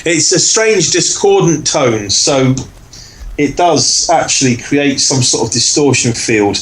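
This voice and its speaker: A man co-hosting a podcast. He tells a story casually and acts out other people's lines in much higher voices. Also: expressive, slow pace, fairly bright tone, poor audio. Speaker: podcast co-host. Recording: faint background noise.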